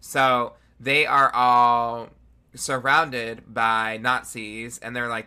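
A man co-hosting a podcast in casual chat, recapping in a blunt, matter-of-fact way. His voice is very bright and sharp, with a tense edge. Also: mid-range voice, level tone, slow, smooth. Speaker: podcast co-host.

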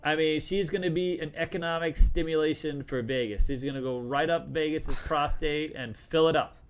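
A man's voice: fairly high pitch, steady tone, normal speed, a little hiss or hum. A man hosting a casual live stream, talking loosely and joking with lots of restarts. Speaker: host.

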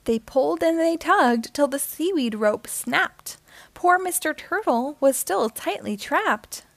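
A woman with a high voice reads a rhyming children's picture book aloud in a gentle, lilting rhythm. The sound is close and dry, with no room echo. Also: expressive, slow pace, vocal fry.

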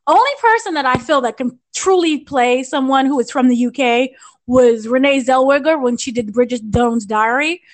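Young american woman, high voice, gushing podcast film review, rambling. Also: normal speed. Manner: gushing, rambling with restarts and fillers. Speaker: entertainment editor reviewing a film.

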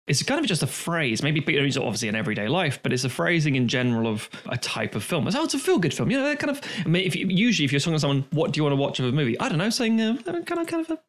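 London guy co-hosting a film podcast, dry and grumbly, rambles on. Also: medium pitch. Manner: wry, rambling, mock-grumpy. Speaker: podcast co-host. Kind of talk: casual podcast chat.

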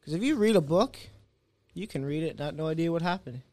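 A young man, a guest in a relaxed interview, speaks with a higher-pitched voice at a fairly quick pace, with no echo. He tells his story energetically and acts out the voices of the people he quotes.

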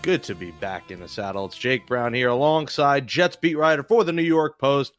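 A man hosting a sports podcast, talking in a chatty, joking way with quick asides. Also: mid-range voice, faint music behind. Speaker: podcast host. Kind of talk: casual sports podcast chat.

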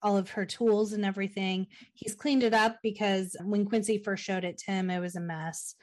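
A woman's voice: medium pitch, steady tone, moderate pace. Chatty woman in her forties recapping. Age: 40s. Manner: chatty, frequent "like" fillers, laughs easily. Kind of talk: casual chat recapping a movie.

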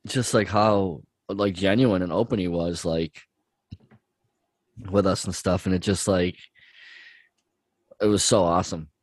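A man's voice: sits low, steady tone, unhurried, pauses often, no echo. A man co-hosting a podcast, chatting in a laid-back, gushing way with many filler words. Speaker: podcast co-host. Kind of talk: casual chat.

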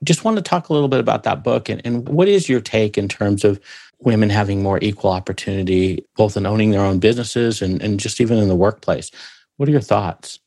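A man's voice: lowish voice, a little fast, vocal fry, a little mellow, no echo, studio quality. A man interviewing a guest, asking loose, rambling questions.

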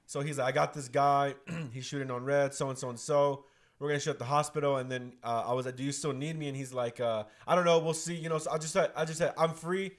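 A man, a podcast guest who directs films, telling a story in casual chat, acting out quoted dialogue and swearing. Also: fairly high pitch.

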